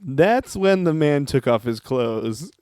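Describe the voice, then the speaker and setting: A man's voice: on the high side, expressive, takes it slowly, darkish tone, clear, resonant tone, dry recording, clean studio sound. A young man co-hosting a podcast, chatting casually and joking as he reads out news stories. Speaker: podcast co-host. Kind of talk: casual chat.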